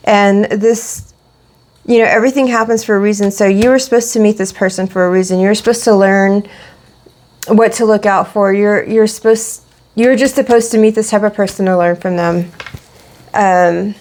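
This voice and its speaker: A woman's voice: medium pitch, steady tone, moderate pace, a little mellow. Rambling woman reading tarot cards. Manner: rambling, many fillers and restarts. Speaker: tarot reader.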